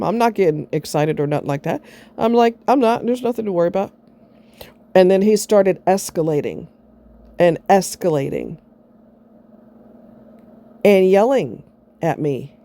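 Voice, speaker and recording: A woman's voice: mid-range voice, dark tone. A middle-aged woman vlogging, telling a personal story in a blunt, sarcastic way and swearing freely.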